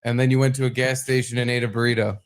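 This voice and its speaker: Male co-host for casual chat, deadpan delivery, flat and monotone. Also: medium pitch, very fast. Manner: deadpan, making up absurd stories.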